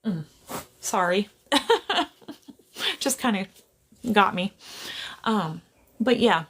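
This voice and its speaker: A woman's voice: mid-range voice, big pitch swings, very slow, a bit bright, slightly rough. A woman psychic medium chatting casually on a livestream. She laughs often, keeps apologizing and gets easily sidetracked, speaking to a camera on a tripod.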